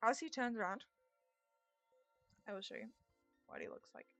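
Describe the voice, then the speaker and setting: A woman's voice: fairly high pitch, wildly swooping pitch, moderate pace, a bit bright, soft background music. A woman narrating a tabletop game as game master in a casual, chatty way.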